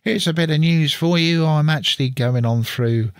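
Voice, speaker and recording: A man's voice: a little high, normal speed, clean tone, no room sound. A man chatting casually as he walks through a computer setup on screen, thinking aloud as he works, recorded on a studio mic through an audio interface. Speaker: channel host.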